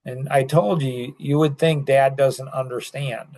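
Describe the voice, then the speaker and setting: A man's voice: medium pitch, fairly even intonation, unhurried, a little mellow. An older man talking casually on a podcast, rambling and full of fillers and restarts. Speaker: podcast host.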